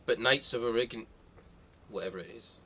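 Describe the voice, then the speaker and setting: A man's voice: mid-range voice, a little fast, pushed and bright, breathy edge. A man streaming a game live, chatting casually and joking with a friend. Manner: jokey, banters and laughs often. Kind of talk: casual chat while gaming.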